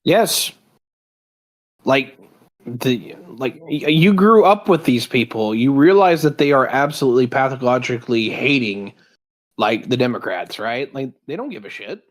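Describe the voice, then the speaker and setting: A man's voice: mid-range voice, animated, a little slow, poor audio. A man in his thirties calling into a livestream talk show, talking bluntly and with strong opinions. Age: 30s. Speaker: call-in guest. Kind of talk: casual chat.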